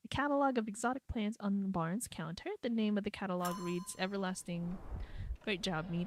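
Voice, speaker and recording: A woman's voice: medium pitch, normal speed, a little hiss or hum. A woman streaming a game, giving casual, playful commentary and talking to herself.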